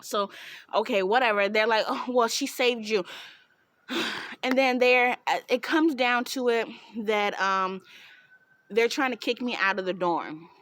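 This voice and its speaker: Excitable young woman telling a wild story. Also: on the high side, a little slow, dry recording. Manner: excitable, laughs and shouts mid-story. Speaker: vlogger. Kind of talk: animated storytime.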